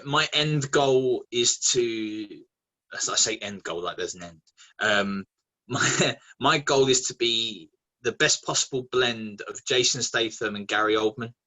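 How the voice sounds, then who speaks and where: A man, a guest actor chatting casually in an interview, animated and quick to laugh. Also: lowish voice, low-quality recording. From England. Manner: animated, laughing, many restarts.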